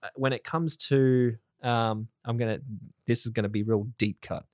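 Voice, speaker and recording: A man hosting a relaxed podcast, talking in loose, rambling stretches full of fillers and the odd swear word. His voice sits at a middling pitch, and the recording is dry and close, with no room sound. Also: normal speed, no echo. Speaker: podcast host. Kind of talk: casual podcast chat.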